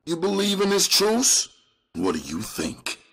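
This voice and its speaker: A man voicing a hotheaded young gang member, agitated and loud. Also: sits high, wildly swooping pitch, a little slow, vocal fry, slightly rough, pitched above the performer's own voice, exaggerated voice.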